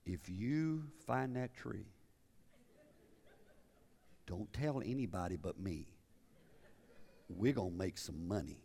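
Gravelly-voiced man preaching in a reverberant hall. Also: deep voice, animated, slow, long pauses, warm tone. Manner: conversational preaching with rhetorical questions and many restarts. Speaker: pastor. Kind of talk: sermon.

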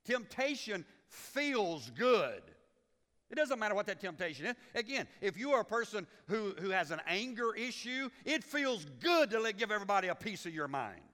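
High-voiced pastor in a reverberant hall. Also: male voice, sing-song, fast, hardly any pauses, bright, forceful tone. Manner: folksy, teasing the congregation, acts out quotes. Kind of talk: sermon. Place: church sanctuary.

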